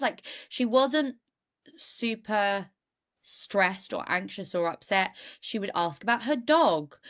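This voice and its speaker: Woman podcaster, mid-pitched, casual true-crime storytelling with wry tangents. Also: fairly bright tone. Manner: chatty, goes off on jokey asides. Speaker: podcast co-host.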